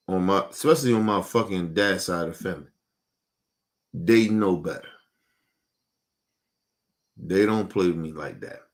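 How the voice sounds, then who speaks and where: A man, hosting and ranting in a heated, profane, repetitive way, casual monologue. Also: low voice. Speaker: show host.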